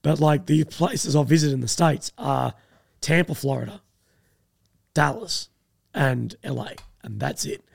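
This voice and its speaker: Aussie guy, young, kinda high and gravelly, rambly and sarcastic, dead dry mic. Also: measured pace, no echo. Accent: Australian. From Australia. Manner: rambling, hesitant, sardonic. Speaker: co-host. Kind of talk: casual chat.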